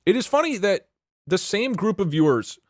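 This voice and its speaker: A man's voice: high-pitched, very animated, moderate pace, no echo, clean studio sound. A man live-streaming, chatting casually with his viewers in a sarcastic, exasperated way. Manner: sarcastic, exasperated banter with chat.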